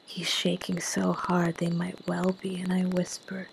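A woman narrating in the first person with a breathy, intimate whisper in a whispered role-play. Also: fairly low pitch, monotone, measured pace, slight background noise, low-quality recording.

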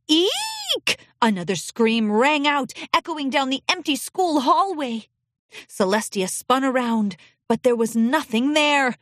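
A woman narrating a children's storybook with an expressive, animated reading. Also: on the high side, dry recording, studio quality.

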